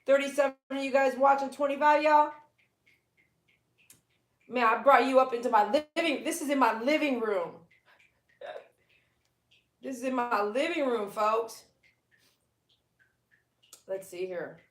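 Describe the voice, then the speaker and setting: Woman, casual livestream chat, baby talk to her dogs, a bit high-pitched, roomy echo. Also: unhurried, pauses often. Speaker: pet groomer hosting a live stream. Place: her living room.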